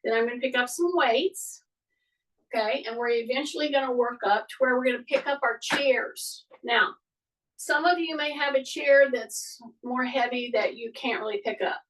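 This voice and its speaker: A woman's voice: high voice, normal speed, a bit bright, recorded from a distance, rough recording. A woman fitness instructor leading an exercise class, giving step-by-step cues and often checking in with "okay?".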